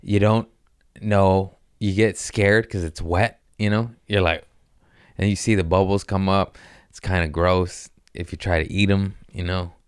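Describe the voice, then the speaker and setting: A man's voice: low voice, measured pace, clear, resonant tone, no room sound, clean studio sound. A man in his thirties hosting a comedy podcast, telling crude stories in a casual, profane way and acting out the voices in them. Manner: profane, animated storyteller who acts out voices.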